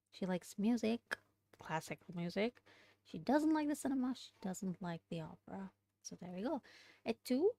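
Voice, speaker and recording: A woman studying a language aloud, thinking out loud, hesitating and correcting herself as she works through exercises. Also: on the low side, no echo. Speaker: language learner streaming study session. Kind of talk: casual study-along lesson.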